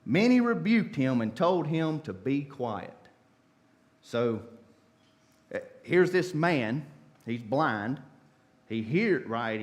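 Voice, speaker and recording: Lively folksy preacher man. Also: a little high. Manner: folksy, animated storytelling with casual asides. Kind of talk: sermon. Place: church sanctuary.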